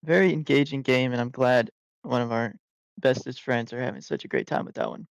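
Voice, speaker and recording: Smooth-voiced man chatting on a podcast. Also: medium pitch, big pitch swings, a little fast, no echo. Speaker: podcast guest co-host. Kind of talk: casual podcast chat.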